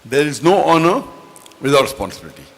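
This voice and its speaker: A man giving a formal religious lecture as the invited speaker, measured and reciting scripture. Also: on the high side, big pitch swings, fairly bright tone. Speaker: guest lecturer.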